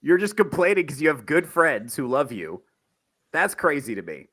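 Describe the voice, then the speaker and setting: A man's voice: a little high, sing-song, normal speed, fairly bright tone. A man, a comedian on a panel podcast, telling a crude story in a rambling, casual way and laughing as he goes.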